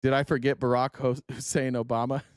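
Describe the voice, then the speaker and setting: A man's voice: medium pitch, level tone, brisk, clear, resonant tone, no echo, clean studio sound. A man from Utah hosting a casual political livestream, reading viewers' chat comments aloud and answering them with sarcasm. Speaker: livestream host.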